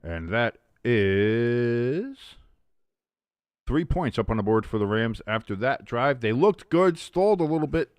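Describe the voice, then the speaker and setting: A man hosting a live game watch-along, calling plays and chatting with loud, profane tangents. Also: medium pitch, a little slow, no room sound. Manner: animated play-by-play mixed with profane rants. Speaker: host.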